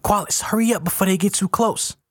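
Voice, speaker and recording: A man's voice: medium pitch, very animated, moderate pace, no echo, clean studio sound, pitched above the performer's own voice. A man voicing a determined young woman who gives urgent orders. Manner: urgent, commanding.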